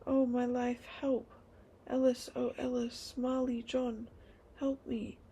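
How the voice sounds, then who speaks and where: A woman's voice: on the high side, flat delivery, takes it slowly, vocal fry, warm tone, husky, heavily acted. A woman voicing a frantic village woman in a storybook, wailing for help.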